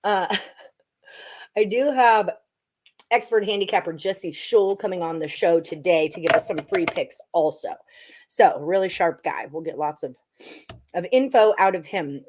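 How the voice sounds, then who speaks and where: A woman's voice: lowish voice, measured pace, a little mellow. A young woman hosting a casual sports betting live stream, chatty and joking as she talks picks and reads comments. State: out of breath. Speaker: sports betting show host.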